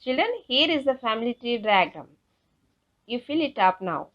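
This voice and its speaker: Indian English woman teacher, slow and instructive, bright lively pitch, dull lo-fi sound. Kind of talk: classroom lesson explanation. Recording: dull lo-fi recording.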